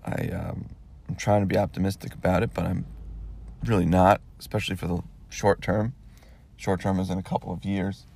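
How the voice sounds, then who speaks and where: A man's voice: sits low, little pitch movement, moderate pace, creaky, a little mellow, husky. An American man hosting a podcast, talking in a loose, rambling monologue, often repeating himself and swearing when he gets worked up. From United States. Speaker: podcast host.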